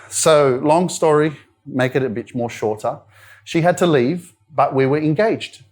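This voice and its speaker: A man's voice: fairly high pitch, measured pace, darkish tone. Australian man telling a personal story. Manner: candid storytelling, frequent "like" and "you know" fillers. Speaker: motivational speaker. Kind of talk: live motivational talk. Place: wellness centre event room.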